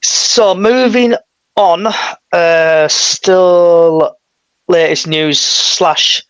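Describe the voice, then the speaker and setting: Chatty man, fairly high voice. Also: very slow, a bit bright, clear, resonant tone, dry recording, poor audio. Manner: chatty, leading questions. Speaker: podcast co-host. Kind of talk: casual fan chat.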